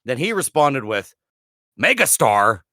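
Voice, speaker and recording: A man's voice: fairly low pitch, expressive, normal speed, fairly bright tone, no room sound, clean studio sound. A man co-hosting a podcast, telling rambling stories in casual chat with restarts and laughs. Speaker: podcast co-host.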